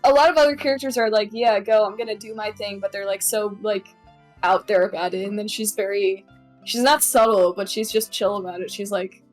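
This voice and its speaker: A woman's voice: medium pitch, a little fast, soft background music. A young woman chatting as a guest about a game in an easygoing way, often trailing off and using lots of fillers. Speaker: guest YouTuber. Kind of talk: casual chat.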